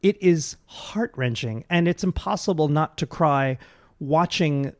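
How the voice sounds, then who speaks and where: Animated man chatting as a guest. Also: a little high, measured pace, no room sound, clean studio sound. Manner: animated, emphatic, frequent restarts. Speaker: guest, satirical performer. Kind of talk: casual podcast chat.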